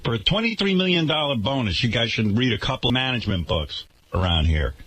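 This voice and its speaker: A man's voice: medium pitch, sing-song, fast, a bit bright, a little hiss or hum. A man hosting a radio talk show, ranting indignantly and sarcastically.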